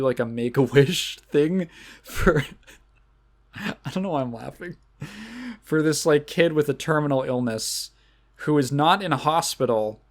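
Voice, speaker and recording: A man with a voice of ordinary middle pitch hosts his podcast, picking apart a movie in a loose, casual rant. He rambles and stumbles through restarts, and his delivery stays dry and sarcastic throughout. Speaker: podcast host.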